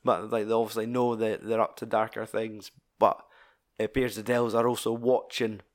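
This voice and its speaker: A man's voice: lowish voice, flat delivery, normal speed. A Scottish man in casual film-discussion chat, swearing freely as he retells scenes with animation.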